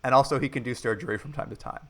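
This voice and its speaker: A man co-hosting a podcast, casually recapping a movie and acting out quoted lines with lively energy. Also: medium pitch, rapid-fire, vocal fry. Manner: animated retelling, acts out quoted lines. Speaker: podcast co-host.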